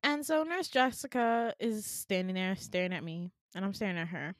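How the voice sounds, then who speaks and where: A woman hosting a podcast, casually retelling a dream in an animated, sarcastic way, laughing often. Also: mid-range voice, moderate pace, no room sound, studio quality. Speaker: podcast host.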